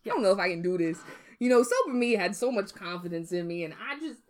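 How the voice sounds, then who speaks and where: A woman's voice: mid-range voice, very animated, fast talker. A young woman hosting a podcast while drunk, giggly and rambling as she retells a story and trips over her words. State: drunk, slurring a little. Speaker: podcast host.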